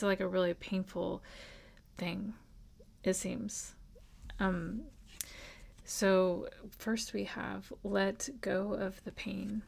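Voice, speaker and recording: A woman's voice: medium pitch, vocal fry. A woman giving an earnest, reassuring tarot reading at home, speaking casually and with emotion. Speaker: tarot reader. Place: at home with a dog.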